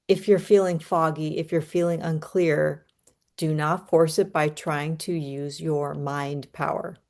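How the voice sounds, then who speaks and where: A woman giving an astrology reading and guiding a breathing ritual in a calm, soothing, unhurried way. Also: low voice. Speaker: astrology reader. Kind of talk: guided breathing and astrology talk.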